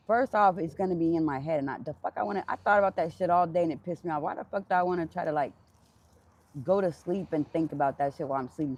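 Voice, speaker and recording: A woman's voice: on the low side, a little mellow. A woman chatting outdoors in the freezing cold on a clip-on jacket mic, ranting bluntly and swearing freely. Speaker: vlogger. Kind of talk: casual outdoor chat.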